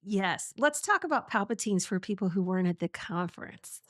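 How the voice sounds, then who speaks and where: A woman hosting a podcast in a casual interview chat, chatty and laughing often, with halting restarts. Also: medium pitch, expressive, dry recording, studio quality. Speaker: podcast host.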